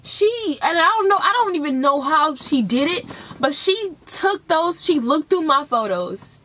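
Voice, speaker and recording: A young woman with a high voice tells a school drama story straight to camera. She talks in a casual, profane, animated way and acts out the other people's lines as she goes. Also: measured pace, a little hiss or hum. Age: young adult. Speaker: vlogger telling a story.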